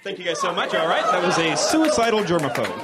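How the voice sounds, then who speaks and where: A young man doing a stand-up set on a comedy club stage into a handheld mic, awkward and deadpan, correcting himself and at times building into shouted rants. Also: sits high, fast talker, heavy background noise. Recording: live club recording with crowd laughter.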